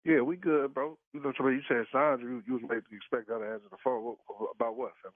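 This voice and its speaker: This man, the target of a prank call, has a medium-pitched voice with fairly even intonation and a quick pace. Through a tinny phone line, he's blunt and swears, repeatedly asking the same questions in a heated exchange. There's no room sound.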